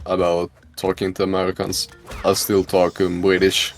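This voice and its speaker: A man's voice: deep voice, monotone, normal speed, faint music behind. A man chatting casually as a co-commentator on a speedrun, joking and opinionated in friendly banter. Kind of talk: casual chat over gameplay.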